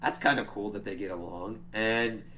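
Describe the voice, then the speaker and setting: A man's voice: on the low side, fairly even intonation, normal speed, pushed and bright, slight background noise. A man giving a casual, chatty spoiler recap of a TV episode, swearing freely and laughing as he retells scenes. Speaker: show reviewer.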